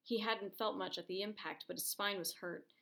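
A woman reads a story aloud in a gravelly, creaky voice. Her delivery is steady and measured, a calm storytelling tone at a middling pitch. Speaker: narrator. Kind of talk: reading a short story aloud.

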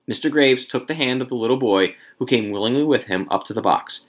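A man reading a story aloud to a few listeners, expressive, with casual asides. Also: mid-range voice, fairly quick.

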